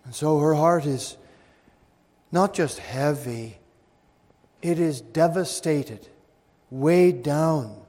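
A man preaching a sermon, swinging from loud emphatic peaks down to hushed, low tones. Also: drawn-out words, pauses often. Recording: long hall reverb.

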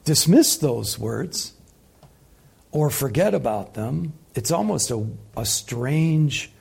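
A man preaching a sermon, impassioned, swinging between loud peaks and soft, quiet passages. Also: mid-range voice, expressive, takes it slowly, creaky, slightly rough. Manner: impassioned, rising loud then dropping soft. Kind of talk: sermon teaching.

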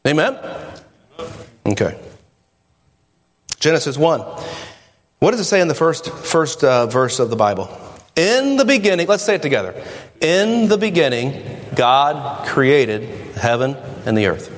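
Lively high-voiced man preaching. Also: a little slow, pauses often. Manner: animated preaching, rhetorical questions to the congregation. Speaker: pastor. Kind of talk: sermon. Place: church sanctuary. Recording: long reverb of a church hall. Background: congregation.

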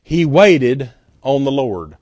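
A man preaching a sermon as guest pastor, in a folksy, conversational way that swings between emphatic peaks and quiet, drawn-out asides. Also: mid-range voice, animated, dry recording.

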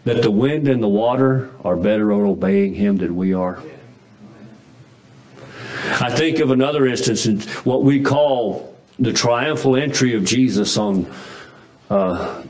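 A man's voice: medium pitch, a little slow, pauses often, darkish tone, rough recording. A man preaching a sermon in a folksy, emphatic way, with frequent restarts and chuckles. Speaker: pastor.

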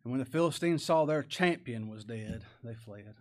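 A pastor preaches to his congregation in a folksy, homespun way. His voice sits at a middle pitch for a man. He leans on loud rhetorical questions and then drops low and quiet. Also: animated, moderate pace. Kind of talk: sermon.

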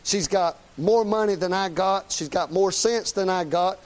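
A man's voice: high voice, measured pace. A middle-aged man, preaching a folksy, plain-spoken, emphatic sermon. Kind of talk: conversational sermon.

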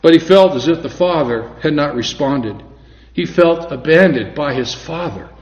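A male preacher with a fairly high voice delivers a sermon, earnest and measured. He slows down to stress his scripture quotes. The recording is dull and lo-fi, in an echoey room. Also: animated.

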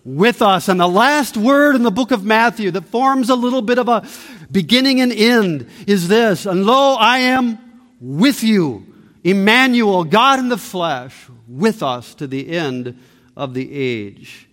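A man preaching a sermon as pastor, emphatic, rising to loud peaks and dropping to hushed low lines. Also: expressive, measured pace. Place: church sanctuary. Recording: long reverb of a church hall.

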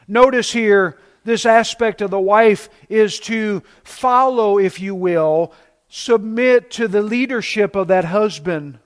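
A man in his fifties, a pastor delivering a sermon in an emphatic preaching manner, slowing down to stress key words. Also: high voice.

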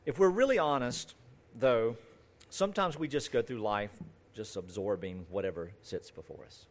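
A pastor with a mid-range voice and moderate pace reads scripture, then preaches earnestly in a conversational way. His emphasis rises and falls, and he builds lists that gain force as they go.

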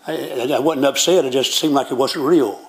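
A man's voice: medium pitch, a little fast. An older man, preaching a sermon as pastor and telling stories in a plain, folksy way. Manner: folksy storytelling with plain country grammar.

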